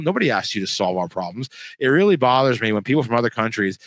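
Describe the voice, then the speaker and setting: A man's voice: mid-range voice, big pitch swings, fast talker, no room sound. A man from the United States hosting his own show, rambling bluntly through casual commentary with crude jokes and frequent restarts. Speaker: podcast host.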